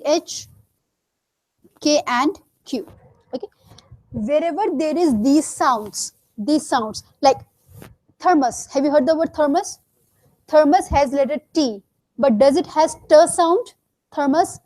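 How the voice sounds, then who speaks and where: A woman's voice: high voice, a little mellow, no echo. A woman coaching a class for a test, firm and corrective, drilling words by repeating them. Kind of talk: classroom teaching.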